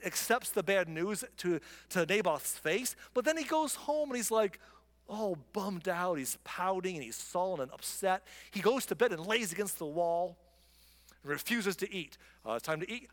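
A man teaching from the Bible in a chatty, animated way, now and then mocking the people in the story. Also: high voice, measured pace, in a large hall. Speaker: preacher.

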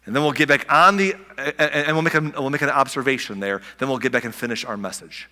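A man delivers a sermon in a bright, forward voice, talking conversationally and often restarting his phrases. He lets key words sink low and soft for effect. The sound rings with the long reverb of a large hall. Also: fast talker. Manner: conversational preaching with restarts and soft dramatic drops. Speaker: pastor.

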